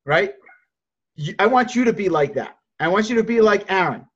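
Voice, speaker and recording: A man's voice: high voice, expressive, moderate pace, a bit bright, slightly rough, highs cut off. Blunt man coaching sales over a call. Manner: blunt, direct, repeats words when he starts a thought. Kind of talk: coaching on a group video call.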